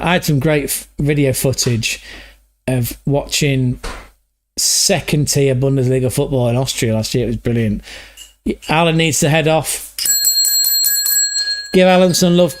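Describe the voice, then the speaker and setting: A man from England hosting a livestream, rambling through stories in a loose, sweary, casual chat. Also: medium pitch. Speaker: livestream host.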